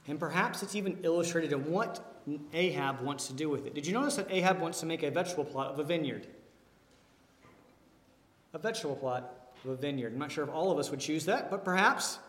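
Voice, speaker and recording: A man preaching a sermon as pastor, animated, with many rhetorical questions. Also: fairly high pitch. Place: church. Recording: echoey hall.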